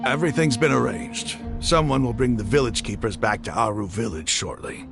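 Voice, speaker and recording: A man's voice: medium pitch, fairly quick, creaky, over music, natural voice. A man voicing a composed male ally in a game, formal and reassuring.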